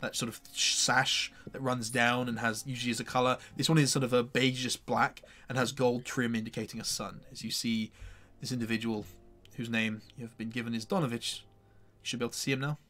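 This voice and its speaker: A man's voice: mid-range voice, little pitch movement, a little fast, hardly any pauses, sharp tone. A man narrating as game master for a tabletop game, hesitant and full of fillers.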